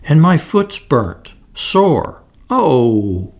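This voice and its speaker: A man voicing a tiny fairy girl, high, shrill and tearful, in a storybook reading. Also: expressive, a little slow. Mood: sobbing, hurt.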